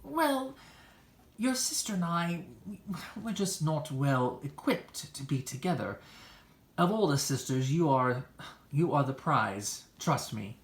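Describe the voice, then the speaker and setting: A woman voicing a smooth-talking, flirtatious man who gushes theatrically. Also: deep voice, big pitch swings, slow, exaggerated voice. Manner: theatrical, gushing. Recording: echoey room.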